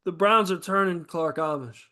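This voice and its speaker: A man's voice: sits high, normal speed, pushed and bright. A man hosting a podcast, joking around in loose, profane banter and laughing often. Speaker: host.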